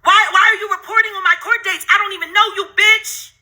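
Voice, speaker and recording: Mad woman venting on her channel, swears a lot, repeats herself, counts off items sarcastically, super bright and piercing. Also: extremely high pitch, steady tone, fast. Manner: heated, cursing, repetitive, counts aloud sarcastically. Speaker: channel host ranting to viewers. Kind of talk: angry profane rant while browsing videos on screen.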